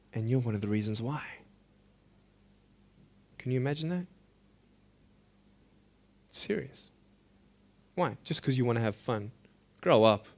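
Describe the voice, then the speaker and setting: A man in his thirties with an Australian accent, giving an impassioned motivational speech at a school assembly. He swings between loud pleading and hushed intensity. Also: medium pitch, vocal fry. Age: 30s. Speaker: motivational speaker.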